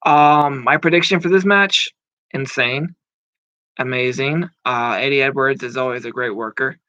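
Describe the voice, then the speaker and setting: A wrestling commentator in his thirties talks through his predictions in a loose, rambling way, with lots of fillers and casual cursing. His mid-range voice is bright and forceful at a moderate pace. The muffled lo-fi recording is dry, with no echo.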